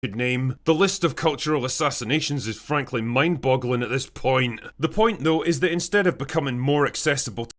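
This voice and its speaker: A man's voice: medium pitch, a little fast, few pauses, a bit bright. A man delivering scripted commentary narration in a blunt, sardonic, profane manner. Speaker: video essayist.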